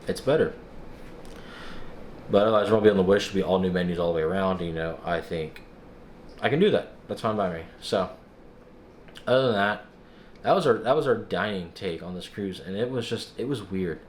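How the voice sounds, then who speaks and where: A young man casually vlogging, recounting a frustrating experience in an exasperated, animated way and acting out other people's lines. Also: low-pitched, fairly quick, pauses often, a little hiss or hum. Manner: exasperated, animated storytelling with quoted dialogue. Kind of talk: casual vlog recap.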